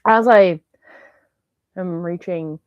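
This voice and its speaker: A woman in her early twenties hosting a casual solo podcast, rambling and excitable and slipping into meme voices. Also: lowish voice, slow, dry recording. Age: 20s. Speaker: podcast host. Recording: dull lo-fi dry sound.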